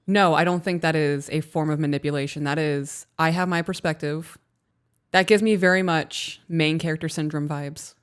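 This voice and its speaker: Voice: mid-range voice, fairly even intonation, normal speed, clear, resonant tone. A podcast co-host in casual chat, blunt and swearing freely, acting out little scenes to make a point.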